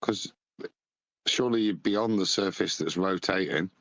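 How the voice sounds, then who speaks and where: A calm man hosts a casual live stream with a dry, teasing manner. His voice sits fairly low. The sound is dry and close. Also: moderate pace, no echo.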